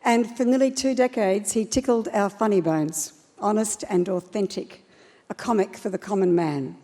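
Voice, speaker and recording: A woman reads a scripted tribute in a measured way, her voice mellow and dark-toned. The sound rings with a long hall reverb. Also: medium pitch. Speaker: awards presenter. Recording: stage speech in a reverberant hall.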